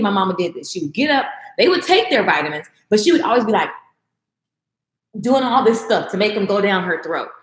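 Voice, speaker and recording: A woman's voice: medium pitch, roomy sound. A woman vlogger giving a passionate, emphatic motivational talk straight to her viewers, repeating phrases for emphasis.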